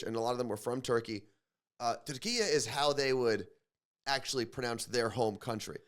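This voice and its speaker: A man's voice: medium pitch, normal speed. Chatty opinionated male co-host. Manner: chatty, opinionated, repeats words while thinking. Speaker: morning show co-host. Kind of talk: casual radio show banter.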